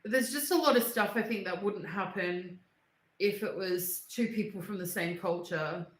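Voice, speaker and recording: A woman's voice: medium pitch, normal speed. A young woman, talking bluntly and angrily on a casual livestream, swearing and repeating herself. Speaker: livestream host. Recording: echoey room.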